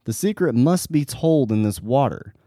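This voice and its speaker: A man voicing a calm, patient old guru who speaks in measured words within a story he tells. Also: mid-range voice, dry recording, clean studio sound, pitched above the performer's own voice, close to an everyday voice.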